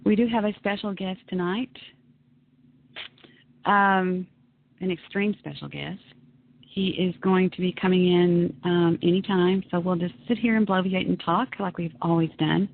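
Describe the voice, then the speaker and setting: A woman's voice: on the low side, steady tone, unhurried, creaky. A woman hosting a talk radio show, chatting in an emphatic, ranting monologue. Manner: emphatic, ranting, self-dramatizing. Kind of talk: casual monologue on internet radio. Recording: tinny phone-line radio broadcast.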